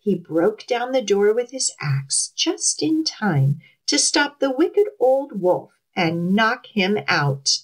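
Woman children's librarian, storytime read-aloud, very expressive, slow, outdoors. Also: mid-range voice, rough recording. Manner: expressive, animated, storyteller's lilt.

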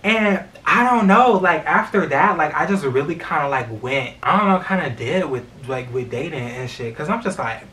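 Expressive young man chatting off-mic. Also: on the high side, moderate pace, few pauses, far from the mic. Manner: expressive, swears freely, many fillers. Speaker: vlogger. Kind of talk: casual storytime chat.

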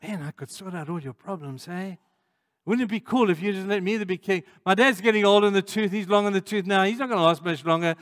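A man's voice: a little high, brisk, hardly any pauses, darkish tone, breathy edge, big-room sound, voice pushed up. A man voicing a scheming young prince who coaxes people to make him king. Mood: wheedling.

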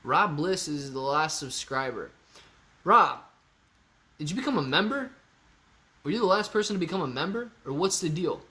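Excitable man hosting a livestream. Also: a little high, moderate pace, pauses often. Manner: excitable, thinks aloud and repeats himself. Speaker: livestream host reading viewer comments. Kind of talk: casual livestream Q&A.

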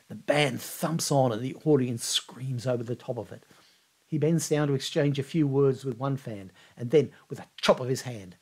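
A man at a middle, ordinary pitch tells a scripted history story with vivid, measured storytelling. He builds the tension and then steps back to a calmer, reflective tone, holding the line like a podcast host. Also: husky.

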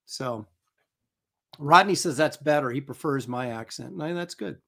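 A man's voice: medium pitch, moderate pace, a bit bright. A man hosting a casual live talk show, teasing his guest and reading out viewer comments. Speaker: host reading chat comments.

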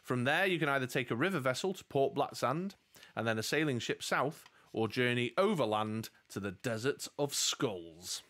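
At a moderate pace and in a mid-range voice, a man reads aloud from a fantasy gamebook in his role as game master. The live-play narration is steady, broken up now and then by jokey asides.

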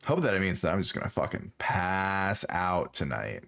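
A man's voice: deep voice, very animated, normal speed, gravelly, a bit bright. A tired man chatting casually to his stream while playing a fishing game, yawning and making puns. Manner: sleepy, yawning, punning to himself. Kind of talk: casual gameplay commentary.

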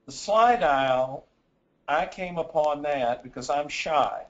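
A man's voice: a little high, animated, slow pace, lo-fi sound. A man giving a sales presentation in a webinar, stammering and repeating words as he gets wound up telling stories.

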